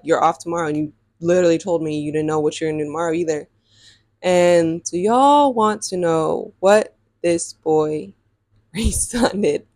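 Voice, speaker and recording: A young woman telling a dating story in a casual storytime vlog, sassy and animated and laughing often. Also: fairly low pitch, no room sound, studio quality.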